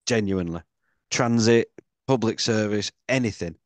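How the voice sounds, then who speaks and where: A British man co-hosting a podcast, chatting casually and telling animated stories full of swearing. His voice sits low and sounds close and dry. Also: normal speed, no echo. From Britain. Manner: swears a lot, animated storyteller. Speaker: podcast co-host. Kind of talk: casual chat.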